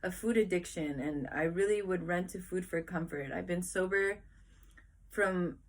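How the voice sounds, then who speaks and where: A woman's voice: fairly low pitch, a little slow. A young woman vlogging to camera about how she talks with her kids, earnest and rambling, often restarting sentences and acting out what she tells them. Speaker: vlogger, mother. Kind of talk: casual reflective talk to camera.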